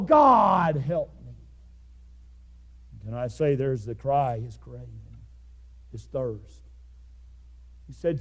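A man delivers a fiery revival sermon in a high, lively voice that leaps and falls. He stretches his words slowly, bursts into shouts, then sinks to a near hush. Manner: swings from loud shouting to hushed low tones. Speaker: preacher.

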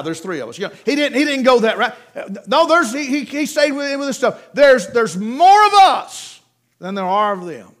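A man preaching a sermon, telling Bible stories, acting out the quoted voices and dropping to a hush for emphasis. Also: high voice.

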